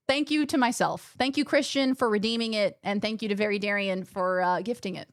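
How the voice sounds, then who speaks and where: A woman's voice: fairly high pitch, lively intonation, dry recording. Chatty woman streamer, dry sound. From Australia. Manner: chatty, quick asides to chat. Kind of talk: casual chat while gaming.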